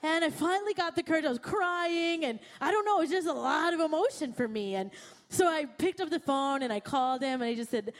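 A woman's voice: high-pitched, a little fast. A young woman preaching a sermon, telling a personal story and acting out her own panicked thoughts. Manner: animated, acts out her own panicked quotes. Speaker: pastor.

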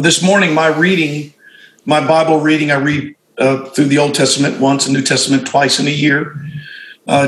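A middle-aged man, a pastor, shares reflections in a relaxed talk among peers. His voice sits slightly high, and he often stops to restart or correct himself mid-thought. The room around him carries a noticeable echo. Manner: reflective storytelling with frequent restarts and self-corrections. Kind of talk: conversational discussion among fellow pastors.

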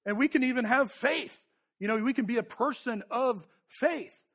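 A pastor in his thirties preaches in a relaxed, conversational style at a moderate pace, his voice high for a man. He shares a story about himself with self-deprecating humor, frequently restarting and repeating words.

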